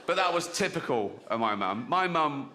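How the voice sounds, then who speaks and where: A man's voice: on the high side, lively intonation, normal speed, heavy background noise. A middle-aged man doing stand-up, talking bluntly and chattily and often laughing at his own jokes. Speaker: stand-up comedian. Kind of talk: stand-up comedy set. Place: live venue with audience. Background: audience laughter and applause.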